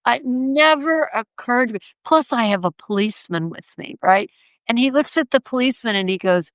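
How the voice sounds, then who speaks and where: Lively woman sculptor telling a story. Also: moderate pace, smooth, dry recording. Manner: animated, acts out quoted voices in a raised pitch. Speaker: sculptor, podcast guest. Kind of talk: anecdotal storytelling in conversation.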